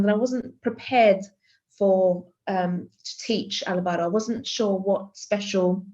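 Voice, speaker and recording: A woman's voice: mid-range voice, a little mellow, dull audio. A woman giving a conference keynote as an art teacher, telling a classroom story with many fillers and restarts. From Greece.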